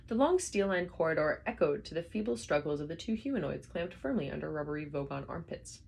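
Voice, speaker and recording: A woman reading a novel aloud with expressive storybook narration. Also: low-pitched, fast, gravelly, few pauses, husky. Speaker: reader.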